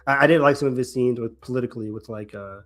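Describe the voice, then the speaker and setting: A man co-hosting a casual podcast recap, talking in a rambling, animated way with many restarts and quoted reactions. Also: medium pitch, fast, gravelly. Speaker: podcast co-host.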